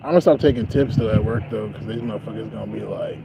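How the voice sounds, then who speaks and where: A man's voice: lowish voice, quick pace, creaky, highs cut off, background noise. A man telling profane stories in a casual livestream monologue, laughing as he goes. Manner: profane, laughing, animated storytelling.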